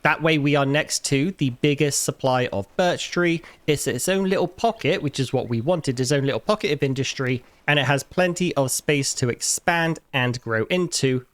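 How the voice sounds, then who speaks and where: A man's voice: mid-range voice, a bit bright, no echo. A man giving casual commentary over his own gameplay as a regular video maker, chatting to the characters and breaking into bursts of mock outrage. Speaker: gaming YouTuber.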